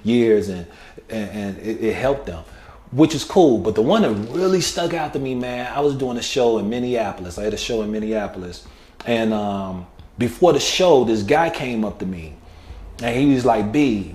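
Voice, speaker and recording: A man's voice: lowish voice, animated, normal speed, a little mellow. A male comedian telling stories in a casual interview, laid-back and full of filler phrases. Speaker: comedian guest. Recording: roomy echo with faint noise.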